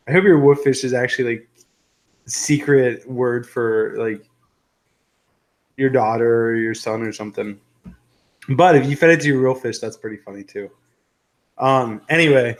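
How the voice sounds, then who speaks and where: A man's voice: mid-range voice, moderate pace, pauses often. Chatty male livestream host. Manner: rambling, joking, reads viewer comments aloud. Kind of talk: casual live-stream chat.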